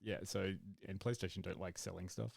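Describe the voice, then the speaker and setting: A man's voice: deep voice, steady tone, fairly quick, vocal fry. A man co-hosting a podcast in casual chat, rambling and acting out his own reactions. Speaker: podcast co-host.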